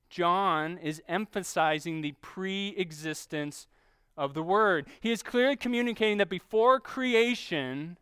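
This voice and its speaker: High-voiced preaching man, smooth and dry. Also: expressive, fairly bright tone, dry recording. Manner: teaching, emphatic, slows on key phrases. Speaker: pastor. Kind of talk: sermon.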